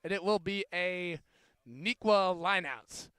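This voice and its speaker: A young man calling an amateur rugby game play-by-play, joking between plays and getting louder on big runs. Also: sits high, slow, clear, resonant tone, no echo, studio quality. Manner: jokey, rising to excited shouts on big plays. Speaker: student play-by-play commentator. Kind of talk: amateur sports commentary.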